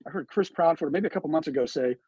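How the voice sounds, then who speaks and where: A man's voice: fairly high pitch, racing, mellow, husky, dry recording, low-quality recording. A man giving true crime commentary on a live stream, emphatic and full of rhetorical questions, played back from his stream.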